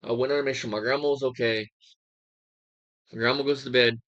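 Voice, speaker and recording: A man's voice: medium pitch, steady tone, fairly quick, a bit bright, muffled recording. A young man giving a heated, crude reaction commentary, swearing and mocking as he talks.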